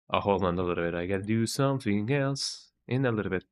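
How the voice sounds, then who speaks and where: A man's voice: fairly low pitch, quick pace, hardly any pauses. A man casually commenting on his game live, playful and ending lines with "eh?". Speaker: game streamer. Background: game music.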